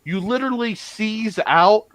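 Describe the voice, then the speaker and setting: A man running a tabletop game as game master, animated and laughing as he narrates. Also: sits high, no room sound. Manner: animated, laughing, jumps between narration and quick voices.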